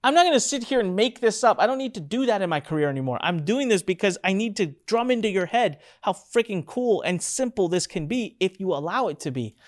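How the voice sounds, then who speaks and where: A middle-aged instructor running a live webinar, bursting with excitement and leaning hard on key points. Lines get repeated for emphasis, with chatty asides and filler words along the way, in a mid-range voice. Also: mid-range voice, brisk, few pauses. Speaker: online course instructor.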